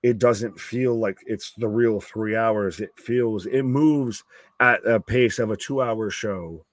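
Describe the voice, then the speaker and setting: A man's voice: on the low side, slow pace, no room sound. A man co-hosting a live wrestling watch-along stream, chatting casually in a rambling, jokey way and swearing freely.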